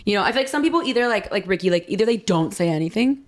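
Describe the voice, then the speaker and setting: A woman's voice: mid-range voice, rapid-fire. A young woman hosting a podcast, telling a story in casual chat, acting out quotes and saying "like" a lot. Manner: animated storytelling, acts out quotes, says "like" a lot. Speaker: podcast host.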